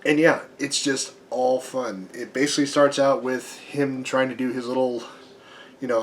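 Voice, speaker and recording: A man with a slightly hoarse voice giving a casual, chatty comic book review, full of ums and restarts. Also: mid-range voice, steady tone, normal speed, a little hiss or hum.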